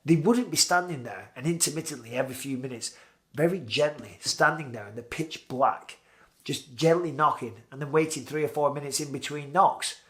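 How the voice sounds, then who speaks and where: A man's voice: on the high side, moderate pace, a bit bright. A British man in his forties telling a vivid personal story in a casual way, acting out his own past lines. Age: 40s. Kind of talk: casual spoken anecdote.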